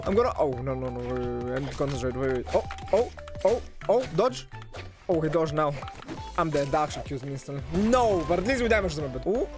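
An excitable young man commentates his own gameplay, cheering his hits and groaning at his slip-ups. His voice sits high and leaps around in pitch. Game music plays clearly underneath. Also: fast talker. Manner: excitable, shouts and laughs at big plays. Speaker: gaming streamer.

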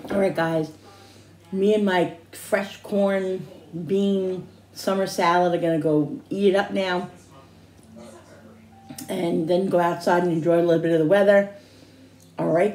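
Her voice is mid-range and warm, with a little hiss or hum on the recording. She's a cooking vlogger chatting loosely in her home kitchen, rambling, restarting and making tasting hums, while the room echoes and dishes clatter.

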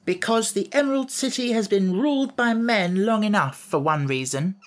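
A man's voice: sits high, expressive, moderate pace, voice pushed up. A man voicing a bold, scornful girl general. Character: bold scornful young female rebel general.

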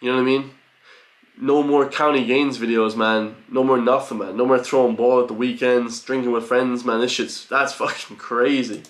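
A man giving an excitable, profane reaction commentary, full of loud exclamations. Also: mid-range voice, moderate pace. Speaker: reaction video host. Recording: roomy home recording with faint music.

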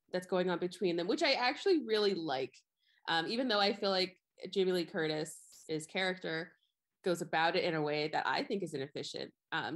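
A young woman with a fairly low voice co-hosts a casual podcast. She rambles in a chatty way, full of "like" and "um," and laughs often. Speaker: podcast co-host. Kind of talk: casual chat about a film.

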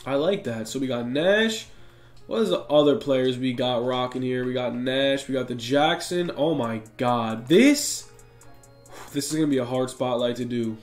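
A man's voice: mid-range voice, normal speed. Hyped young man with echoey sound. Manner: excitable, slangy, talks to viewers. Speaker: gaming YouTuber. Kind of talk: hyped game commentary. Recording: echoey room with faint music.

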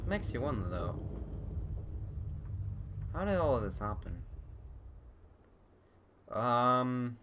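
A young man giving casual let's-play commentary, swearing often and bursting out excitedly between mumbled asides. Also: mid-range voice, takes it slowly, long pauses, a little hiss or hum. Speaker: gameplay video host.

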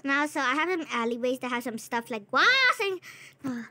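A woman with a high voice talks through a video game as she plays it, narrating each move. She is jumpy and easily rattled. She trails off and repeats herself. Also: very animated, a little fast, background noise. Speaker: gameplay channel host. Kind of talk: casual gameplay commentary.

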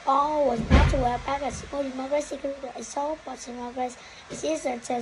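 A woman's voice: sits high, steady tone, fairly quick, heavy background noise. A woman reading a children's story aloud, with occasional stumbles and slips over the words. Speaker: story reader.

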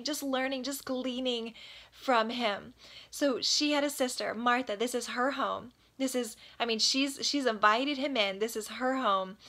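A woman's voice: on the high side, pushed and bright. A woman teaching the Bible, earnest and exhorting, who repeats phrases for emphasis.

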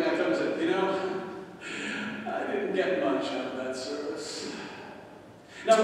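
A preacher with a fairly high voice tells a self-mocking story from the pulpit. He is picked up from well back in a big church, and the sound rings with long reverb and a faint hum of room noise. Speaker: pastor. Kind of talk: sermon. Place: large church sanctuary. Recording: echoey church hall from far off.

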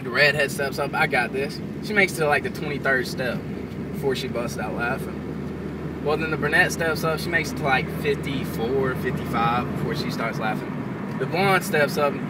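A man telling crude jokes in a casual, rambling way, stopping to recall how they go. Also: on the high side. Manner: rambling, stops to recall, laughs at own jokes. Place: inside a car. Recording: distant mic with loud road noise.

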